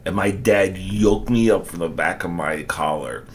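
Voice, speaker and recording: Man, very deep voice, slow drawl, chuckling, reaction commentary, faint low rumble. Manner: drawn-out, chuckling storytelling with exclamations. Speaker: reaction video host. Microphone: desk microphone.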